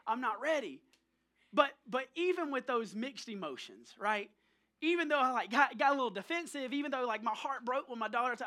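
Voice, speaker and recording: A man with a strikingly high pitch and a bright, pointed tone, preaching at a church service. He talks in a playful, joking way, spinning stories about family life for his congregation. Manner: playful, jokey storytelling to the congregation. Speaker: pastor. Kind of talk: sermon with personal stories.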